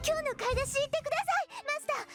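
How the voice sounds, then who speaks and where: A young game waitress in a very high, girlish voice, polite and formal but quickly flustered when teased. Game music sits clearly underneath her lines. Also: a bit bright.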